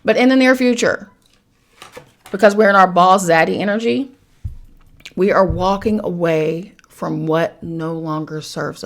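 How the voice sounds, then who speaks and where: A woman hosting a podcast, giving a casual tarot reading in an animated, profane way, with loud bursts and low asides. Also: vocal fry.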